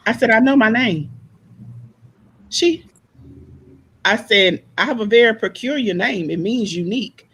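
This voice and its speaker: A woman tells stories to a panel, acting out the people she quotes. Her voice is husky and sits fairly high. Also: unhurried, long pauses, low-quality recording. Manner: animated storyteller, acts out quoted voices. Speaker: panel guest. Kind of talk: casual panel discussion.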